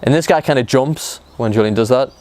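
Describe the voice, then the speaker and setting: A young man casually retelling a story, talking in a loose, animated way with lots of "like" and "um". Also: medium pitch, brisk. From United Kingdom. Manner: animated retelling, filler-heavy with frequent "like" and "um". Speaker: motivational show co-founder.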